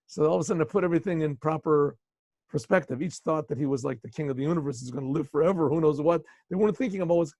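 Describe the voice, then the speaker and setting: Rabbi guy telling a story on a video call, gravelly, keeps clearing his throat. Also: fairly high pitch, rapid-fire, darkish tone, no room sound. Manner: clears throat often, casual retelling. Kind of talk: storytelling lesson.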